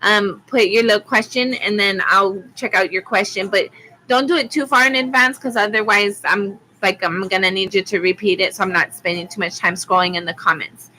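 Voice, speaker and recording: A woman's voice: medium pitch, fairly even intonation, moderate pace, sharp tone, a little hiss or hum, rough recording. A woman from Arizona giving a rambling, chatty live-stream tarot reading, with frequent ums. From Arizona, USA. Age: adult with school-age kids. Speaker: tarot reader.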